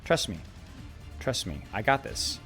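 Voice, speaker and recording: A man streaming a game and chatting casually with viewers, excitable and repeating phrases to psych himself up. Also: fairly low pitch, a little slow. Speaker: streamer and coach. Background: game music and sound effects.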